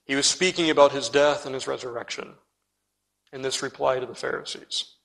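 A man's voice: medium pitch, steady tone, brisk, gravelly, fairly bright tone. A man preaching an expository sermon, earnest and direct, turning to his listeners and leaning hard on key words. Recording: long reverb in a large hall.

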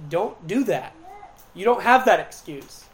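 A woman preaches a sermon in an expressive, medium-pitched voice. She slows on key words for emphasis and moves between loud, forceful moments and quiet, hushed stretches.

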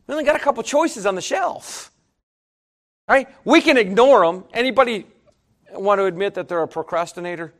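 A middle-aged man preaching a sermon, telling folksy stories and talking straight to the congregation. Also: very high voice. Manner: folksy, storytelling preacher, addresses congregation directly. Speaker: pastor.

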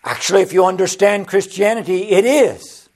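A man's voice: lively intonation, moderate pace, darkish tone. A man preaching a sermon, building passion through repeated phrases and Bible quotations. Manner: impassioned, rising pitch on repeated phrases.

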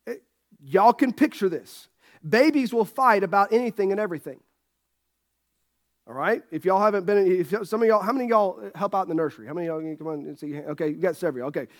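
Man, pastor, sermon, high-pitched, folksy humor, talks to congregation. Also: expressive, a little fast. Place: church sanctuary.

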